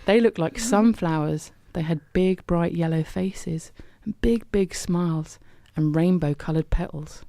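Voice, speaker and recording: A woman reads a children's story aloud in a gentle, expressive way. Her voice is mellow and dark, recorded close and dry. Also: lowish voice, measured pace, creaky, few pauses, dry recording.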